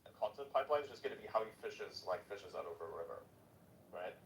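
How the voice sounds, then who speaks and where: Fast-talking rambling man on a voice chat. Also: on the low side, lively intonation. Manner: fast rambling with filler words and restarts. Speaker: podcast participant. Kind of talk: casual group voice chat. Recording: distant mic with faint noise.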